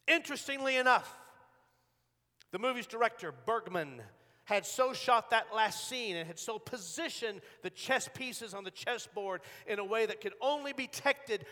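A man preaches a sermon with a high, bright voice. He moves dramatically between hushed storytelling and loud, urgent peaks. A long reverb from the hall trails after his words. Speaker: pastor.

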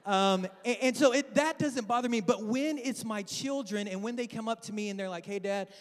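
High-voiced man preaching in a hall. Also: fairly quick. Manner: storytelling, joking with the congregation, acting out family voices. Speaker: guest preacher. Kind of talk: humorous sermon. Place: large church with balcony. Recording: long hall reverb.

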